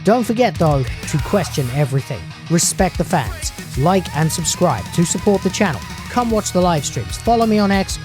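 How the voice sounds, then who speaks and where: Sarcastic low-voiced woman reviewer. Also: expressive, normal speed, hardly any pauses, over music. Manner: sarcastic and dismissive, rambling with fillers. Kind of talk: opinionated episode review commentary.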